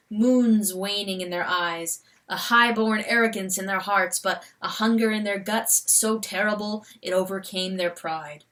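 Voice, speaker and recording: Bright, expressive woman narrator. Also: medium pitch, recorded from a distance. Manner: expressive, rhythmic reading. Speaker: audiobook narrator. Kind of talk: dramatic storybook narration.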